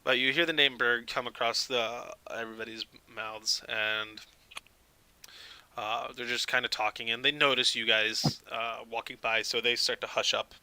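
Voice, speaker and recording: A man's voice: medium pitch, flat delivery, normal speed, pushed and bright, smooth, no echo, poor audio. A man narrating as dungeon master in a tabletop game, casual with lots of filler words and laughs, on a close mic.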